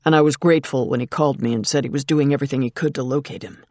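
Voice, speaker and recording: An audiobook narrator voicing a blunt male detective speaking gruffly, in a dry recording. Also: medium pitch, very fast, darkish tone, dry recording, pitched below the performer's own voice, natural voice. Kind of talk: audiobook character reading.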